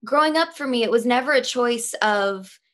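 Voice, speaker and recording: A woman actress chats as a podcast guest in a fairly high voice. She speaks in articulate, thoughtful sentences and laughs easily between points. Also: moderate pace. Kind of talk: casual interview chat.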